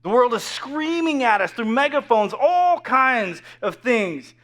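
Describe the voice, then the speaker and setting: A pastor delivering an earnest, animated sermon, stumbling over restarts and repeated words, and dropping to a hush for quoted whispers. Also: male voice, very high voice, measured pace.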